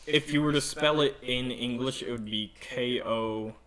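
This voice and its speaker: A man chatting casually on a podcast about travel, talking in halting bursts with restarts and fillers. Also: medium pitch, a crowd in the background. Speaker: podcast participant planning a Japan trip. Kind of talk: casual chat.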